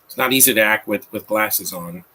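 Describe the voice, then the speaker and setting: Bright-voiced man mocking a film. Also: on the low side, moderate pace, a little hiss or hum. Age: 30s. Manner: rambling, mocking asides with frequent restarts. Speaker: film commentator. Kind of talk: live movie commentary.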